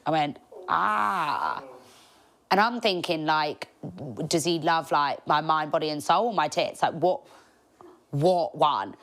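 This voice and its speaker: Lively, cheeky woman. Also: low voice, slow, long pauses. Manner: animated, chatty, cheeky, laughs often. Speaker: podcast host. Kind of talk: casual storytelling monologue.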